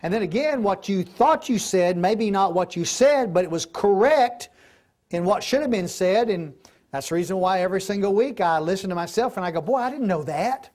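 A man's voice: sits high, animated, fairly quick, a little mellow. Folksy middle-aged male Bible teacher, conversational, recorded in class. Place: classroom or church hall.

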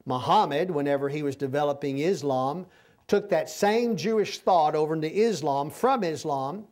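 In a folksy, conversational sermon, a man works through a passage verse by verse, explaining as he goes. He keeps pausing to check in and make sure his listeners are following. His voice sits high for a man, with a darkish tone.

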